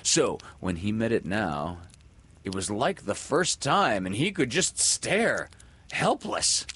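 A man reading a children's story aloud, swelling loud and dropping to hushes with the action. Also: on the low side, big pitch swings, takes it slowly, slightly rough. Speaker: narrator.

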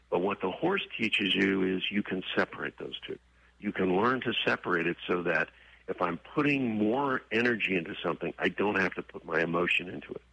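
A man being interviewed, telling stories and acting out quoted voices with husky tone. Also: sits low, sharp tone, no room sound, muffled recording. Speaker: guest, horse trainer and author. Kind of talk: conversational interview storytelling.

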